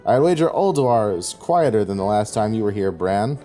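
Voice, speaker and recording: A man's voice: lowish voice, lively intonation, normal speed, mellow, faint music behind, close to an everyday voice. A man putting on the voice of a polite robot caretaker in a game, reading its lines stiffly and courteously. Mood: prim.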